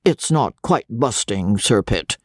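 A man voicing a grave, pompous older butler who announces dinner slowly and solemnly. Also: fairly low pitch, expressive, slightly rough, no echo, clean studio sound, full character voice. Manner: grave, slow, stately.

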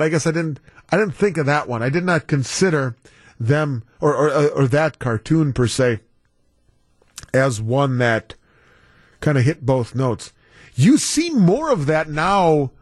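Male talk radio host, animated and rambling, slightly high voice with lively swings, dry close studio mic. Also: slow, dry recording. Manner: animated, rambling, reads listener texts. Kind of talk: casual radio banter.

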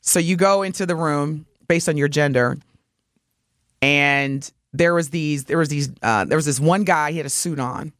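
A woman co-hosting a morning radio show, telling a story in lively chat and acting out the voices of the people in it. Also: sits low, moderate pace, no echo, clean studio sound. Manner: animated, acts out voices while telling a story. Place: radio studio.

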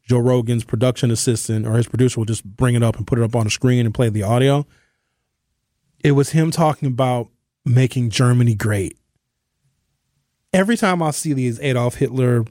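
A man's voice: medium pitch, dark tone, no echo. Opinionated man hosting talk radio, dry sound. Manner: opinionated, conversational, shifting pace for emphasis.

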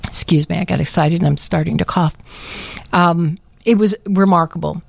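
A woman co-hosting a radio talk show, with a lowish voice that is dry and close to the mic. She tells her story in lively, animated casual chat. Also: moderate pace, vocal fry, dry recording. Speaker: radio co-host.

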